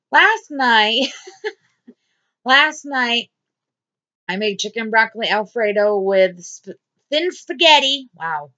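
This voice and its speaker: A woman's voice: high voice, fairly bright tone, lo-fi sound. A woman vlogger talking straight to camera in a blunt, repetitive diary-style video. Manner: blunt, swearing, repeats herself. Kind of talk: angry diary vlog rant.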